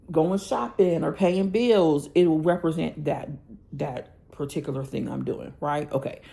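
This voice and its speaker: A planner vlogger with a deep, creaky, warm voice vents angrily and bluntly about a bad order. Talking straight to her viewers, she checks in with them using "y'all" and "okay?" in her casual rant.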